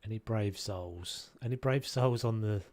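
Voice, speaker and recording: Guy streaming a game, kinda low voice, chatty, thinks out loud. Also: a little slow. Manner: chatty, musing aloud, hums tunes. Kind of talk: casual live-stream chat.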